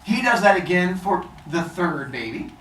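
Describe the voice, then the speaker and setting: A woman's voice: on the low side, big pitch swings, moderate pace, background noise. A woman teacher playfully telling a myth to children and quizzing the class, in an echoey classroom from a distant mic. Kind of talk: storytelling to children.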